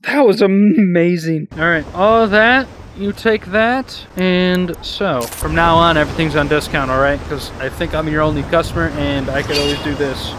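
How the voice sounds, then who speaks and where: High-voiced, excitable man yelling over game noise. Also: moderate pace, hardly any pauses. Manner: excitable, profane trash talk at game enemies. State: out of breath at times. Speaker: gaming video host. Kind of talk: VR gameplay commentary.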